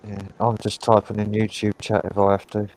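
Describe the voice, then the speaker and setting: A man's voice: fairly low pitch, completely flat delivery, fairly quick, darkish tone, a little hiss or hum, low-quality recording. A man chatting casually on a live stream, laid-back and offhand. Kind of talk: casual chat.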